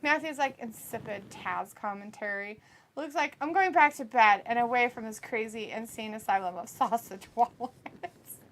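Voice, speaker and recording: A woman's voice: fairly high pitch, moderate pace, fairly bright tone, slight background noise. A woman co-hosting a live watch-along, casually reading viewer comments aloud, laughing often and swearing freely. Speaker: co-host of a wrestling watch-along.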